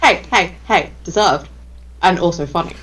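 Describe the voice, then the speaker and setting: A woman's voice: on the low side, animated, moderate pace, a bit bright. A woman chatting as a player in a tabletop game, teasing and playful, swearing freely. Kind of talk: casual chat between tabletop game turns.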